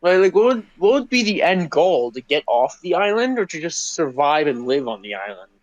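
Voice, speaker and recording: Joking man with a higher voice, dry sound. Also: sing-song, normal speed, dry recording, muffled recording. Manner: loose, joking, many fillers. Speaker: podcast co-host. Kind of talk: casual podcast chat.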